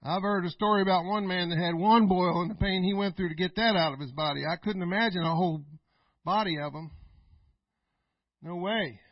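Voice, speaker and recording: A middle-aged male pastor preaching a folksy sermon, laughing often and swinging between loud and quiet. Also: high voice, fairly quick, dry recording, muffled recording.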